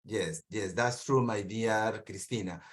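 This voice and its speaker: A man's voice: fairly low pitch, a little slow. Peruvian man hosting an online meeting. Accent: Peruvian (Piura). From Piura, northern Peru. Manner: friendly, rambling with many repeated words. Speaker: meeting host and university teacher. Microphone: video call.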